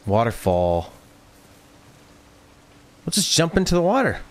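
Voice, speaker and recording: A man's voice: medium pitch, wildly swooping pitch, measured pace. A man streaming a video game, chatting casually, reading viewer comments and joking. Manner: playful, reads chat aloud and jokes. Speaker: let's play streamer.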